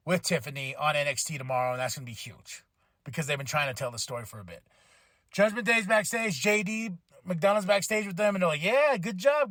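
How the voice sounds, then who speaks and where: A man's voice: fairly high pitch, pushed and bright, no room sound, studio quality. A tired man hosting a podcast, giving a casual, rambling recap and laughing often as he paraphrases what people said. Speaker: podcast host.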